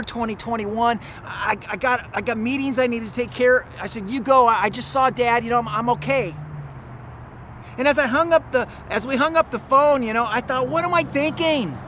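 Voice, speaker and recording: A middle-aged male pastor telling a personal story in a sermon, earnest and halting, with many restarts. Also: extremely high pitch, a bit bright, a little hiss or hum.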